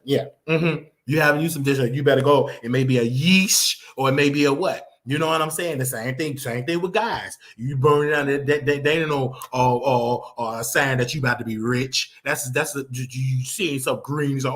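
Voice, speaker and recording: A man's voice: mid-range voice, fairly quick, a bit bright. A man hosting a casual gossip commentary show, talking in a blunt, rambling way that loops back and repeats itself. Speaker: show host.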